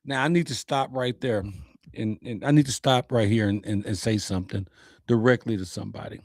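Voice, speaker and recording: A man's voice: medium pitch, expressive, a little fast, dry recording. A man hosting his own show, delivering a personal, uplifting message in an earnest, preacher-like way with repeated phrases.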